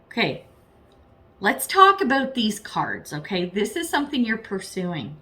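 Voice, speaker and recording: A woman's voice: mid-range voice, wildly swooping pitch, a little slow, bright, forceful tone. A woman giving a casual tarot reading straight to her viewers, chatty and frank, swearing freely and tossing in self-deprecating asides. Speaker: tarot reader.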